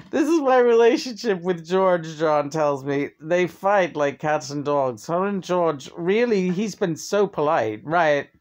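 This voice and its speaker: A woman's voice: on the low side, lively intonation, takes it slowly, a little mellow. A woman vlogger in casual chat, talkative, often laughing and swearing freely.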